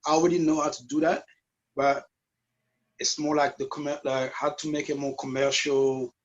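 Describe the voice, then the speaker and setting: A man in his forties with a French Caribbean accent, a dancer and promoter answering as an interview guest. He is soft-spoken and searches for his words. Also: on the high side, flat delivery, moderate pace. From France and the US, Guadeloupean roots. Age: 40s. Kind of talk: interview guest on video call. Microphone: video call. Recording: muffled video call audio.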